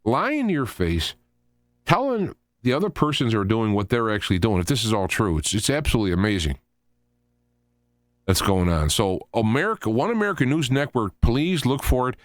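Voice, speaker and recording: A man's voice: medium pitch, very animated, a little fast, no echo, clean studio sound. A man hosting a show, giving rambling, opinionated political commentary as he thinks aloud. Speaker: show host.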